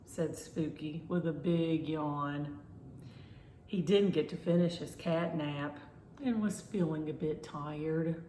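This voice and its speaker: A woman reading a children's story aloud in a gentle, expressive way. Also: low-pitched, takes it slowly, a little hiss or hum. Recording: roomy echo.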